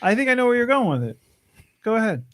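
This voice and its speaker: A man's voice: extremely high pitch, sing-song, a bit bright. A man co-hosting a podcast in casual chat, adding short remarks and sometimes stumbling over his starts. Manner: chimes in with short additions, some halting starts.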